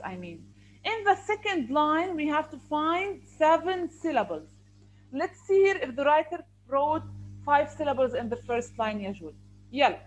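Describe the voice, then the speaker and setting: A woman's voice: high-pitched, a little hiss or hum, rough recording. A woman teacher, patiently explaining and counting syllables aloud in a classroom.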